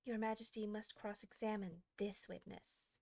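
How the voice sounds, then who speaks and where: A woman voicing a fussy rabbit courtier in a storybook, who speaks low and respectfully. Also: fairly even intonation, moderate pace, creaky, dark tone.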